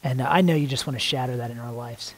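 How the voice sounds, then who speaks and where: A man praying aloud in spontaneous prayer, soft and halting, repeating words as he searches, sometimes dropping to a hushed near-whisper. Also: medium pitch, low-quality recording. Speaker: worship leader praying aloud.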